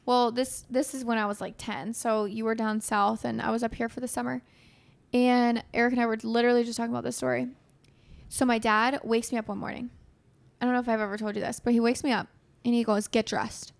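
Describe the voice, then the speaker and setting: A young woman with a fairly high voice and vocal fry speaks fairly quickly. Hosting a casual podcast, she tells animated childhood stories loaded with swearing.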